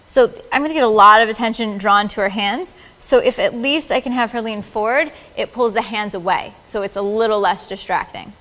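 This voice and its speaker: A woman's voice: mid-range voice, fairly quick, few pauses, a bit bright, in a large hall. A woman photographer directing models at a live shoot, with playful, encouraging directions. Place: large studio with audience.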